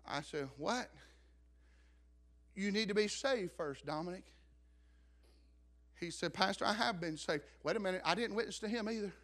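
Middle-aged male pastor, sermon storyteller, very high bright voice, swings from hushed to shouting. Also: moderate pace, pauses often. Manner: storytelling preacher, rising to shouts.

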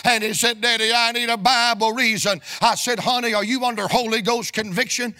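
A middle-aged man, preaching a storytelling sermon in a folksy, sing-song cadence that rises into shouts. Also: very high voice, fairly even intonation, fairly quick. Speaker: evangelist preacher.

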